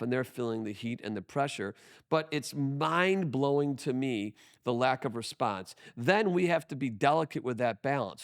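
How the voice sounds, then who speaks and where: A man talking as a podcast guest about his business, emphatic and full of restarts. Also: mid-range voice. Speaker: guest, tax firm owner. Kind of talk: conversational podcast interview.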